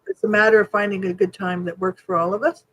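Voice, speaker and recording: A woman co-hosting a chatty podcast, talking in a frank, animated way and swearing without a second thought. Her voice has a husky, slightly breathy edge. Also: medium pitch, fast talker, highs cut off. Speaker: podcast co-host. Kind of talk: casual chat.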